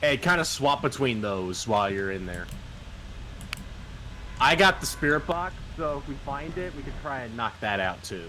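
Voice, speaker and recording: A man's voice: medium pitch, sing-song, moderate pace, bright, forceful tone, slight background noise. A man coaching a friend through a video game in casual chat, repeating his instructions and teasing. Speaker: gamer guiding a friend.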